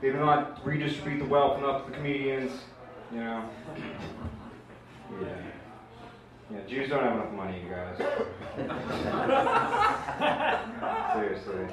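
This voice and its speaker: A man's voice: mid-range voice, very animated, a little slow, pauses often, heavy background noise. A young man doing a rambling, self-deprecating open mic stand-up set, full of fillers. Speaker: stand-up comedian. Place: small open mic room, audience laughing. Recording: echoey live room bootleg from far off.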